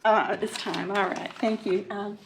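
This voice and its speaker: A woman from Florida giving an emotional public comment at a meeting, halting, with many fillers and nervous laughs. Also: medium pitch, steady tone, heavy background noise. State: emotional, upset.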